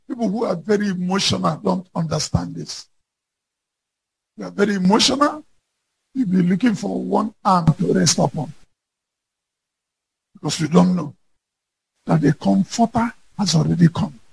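A man preaching a sermon fervently, reading scripture aloud and rising to shouts. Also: sits high, vocal fry, slightly rough.

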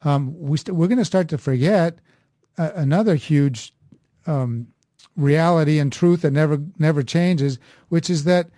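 A man's voice: a little high, unhurried, dark tone, no room sound, studio quality. A man who is a priest, talking about faith in a rambling, thinking-aloud way with many restarts. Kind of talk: conversational faith talk.

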